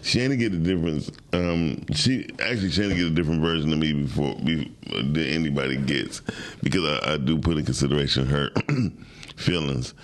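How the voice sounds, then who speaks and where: A man co-hosting a morning talk show, his voice sitting very low. He explains his point bluntly, the way a coach talks a student through a lesson. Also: brisk. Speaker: co-host. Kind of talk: casual morning show chat.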